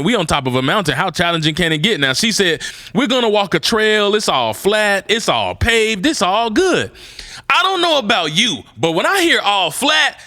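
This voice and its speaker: A male podcast host with tells a story with big swings in pitch and a bright, forceful tone. He is theatrical and playful and acts out his reactions. The recording is close and dry. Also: dry recording. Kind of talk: animated storytelling monologue. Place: studio with a table.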